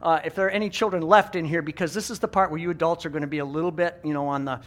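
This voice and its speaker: High-voiced lively pastor preaching. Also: male voice, racing. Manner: animated, leads the congregation in sound effects; repeats each point in a second language. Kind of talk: bilingual sermon. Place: church sanctuary.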